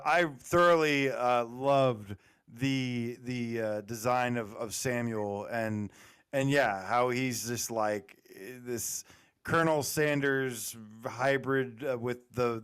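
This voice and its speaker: Smooth-voiced Southern man, rambling chat. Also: medium pitch, a bit bright. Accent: Southern American. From Southern United States. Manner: rambling, laughing, full of fillers. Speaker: guest. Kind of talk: casual podcast chat.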